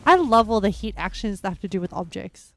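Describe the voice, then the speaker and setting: Young woman streamer, casual let's-play chatter, giggly and chatty, mid pitch, soft game music behind. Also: lively intonation, a little fast, creaky.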